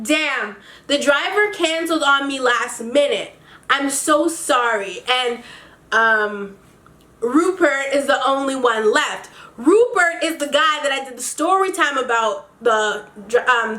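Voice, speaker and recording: A woman with a high, bright voice tells a storytime vlog. She talks casually and with lots of animation, swearing freely and tossing in quick asides. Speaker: vlogger.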